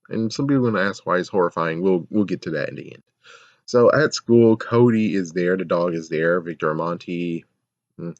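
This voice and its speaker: Low-voiced man ranting in a review. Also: no echo, dull audio. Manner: rambling, exasperated, swears a lot. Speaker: show reviewer. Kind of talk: casual video review rant.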